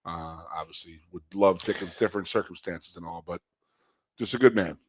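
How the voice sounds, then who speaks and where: A man co-hosting a casual chat show, telling old locker-room stories with lively, acted-out quotes. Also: fairly quick, a little hiss or hum. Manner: animated storyteller, acts out quotes in a high loud voice. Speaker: co-host and former college athlete.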